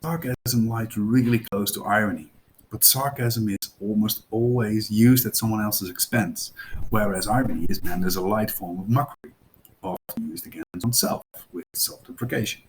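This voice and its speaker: A man's voice: lowish voice, normal speed, a little hiss or hum, low-quality recording. A man with a Dutch accent, a teacher talking a class through a subject in a chatty, informal way with fillers and asides. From Netherlands. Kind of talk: classroom explainer narration.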